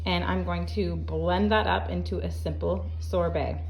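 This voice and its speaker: A woman's voice: lowish voice, fairly even intonation, unhurried, creaky, darkish tone. A woman chatting casually through a homemade recipe demonstration in her farm kitchen, with joking asides and lots of ums. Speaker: home cooking vlogger. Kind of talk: casual home cooking demo.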